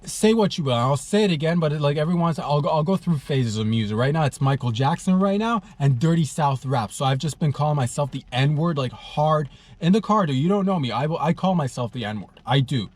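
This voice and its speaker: A man's voice: fairly high pitch, animated, brisk, few pauses, a little mellow, no room sound. A young man hosting a comedy podcast alone, with crude humor and a rambling style that keeps losing its train of thought. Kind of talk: rambling solo comedy monologue.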